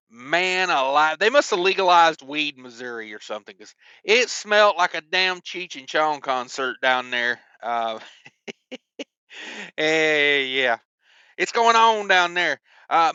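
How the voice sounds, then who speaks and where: Chatty bright-voiced trucker. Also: male voice, fairly high pitch, clean tone, no echo, dull audio. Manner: chatty, joking, lots of ums and asides. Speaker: owner-operator trucker. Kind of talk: casual vlog storytelling.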